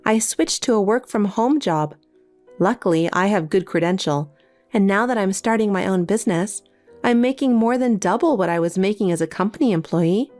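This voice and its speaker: A synthetic woman's voice playing a calm, cold younger sister in a text story, with faint music behind. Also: medium pitch, moderate pace, no echo, close to an everyday voice. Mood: matter-of-fact. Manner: cold, matter-of-fact.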